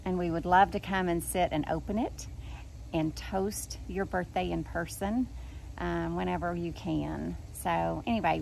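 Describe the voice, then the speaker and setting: A woman recording a birthday message for a friend, speaking haltingly with many pauses and fillers. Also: fairly low pitch, creaky, slight background noise. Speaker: friend giving birthday wishes.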